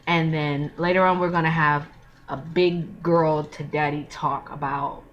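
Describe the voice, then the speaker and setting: An earnest woman talks straight to the camera in a casual advice vlog, slangy, frank and openly emotional. Her voice sits on the low side for a woman, and a faint hiss of room noise runs under it. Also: steady tone, measured pace, dull audio. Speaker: vlogger giving parenting advice.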